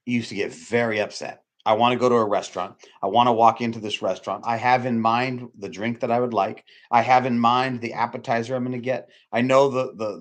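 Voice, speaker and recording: A man's voice: medium pitch, a bit bright. Rambling emphatic male preacher. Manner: rambling, repeats himself, restarts sentences. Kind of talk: informal sermon.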